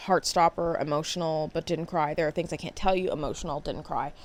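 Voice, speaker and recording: A young woman vlogging about books in a casual, expressive way, with sarcastic asides and casual swearing. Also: low-pitched, a little fast. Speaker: book vlogger. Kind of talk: casual chat.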